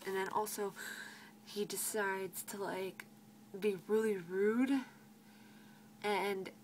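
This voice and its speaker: A woman's voice: mid-range voice, flat delivery, takes it slowly, rough recording. Teen girl, cashier vlogger, mid-range voice, sarcastic and fed up, swears a lot; light background hiss. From United States. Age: teens. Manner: exasperated, sarcastic, swears freely, quotes customers in mocking voices. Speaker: grocery cashier. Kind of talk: venting vlog rant.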